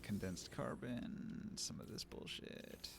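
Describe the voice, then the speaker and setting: A man's voice: medium pitch, takes it slowly, vocal fry, over music. A man with a Pacific Northwest accent giving sardonic live commentary as he plays a game, swearing often. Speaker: game streamer.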